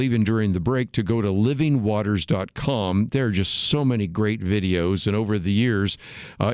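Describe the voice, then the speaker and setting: A man hosting a radio talk show, speaking in a measured, formal way. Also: fairly low pitch, darkish tone, clean tone, no room sound, studio quality. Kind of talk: radio interview.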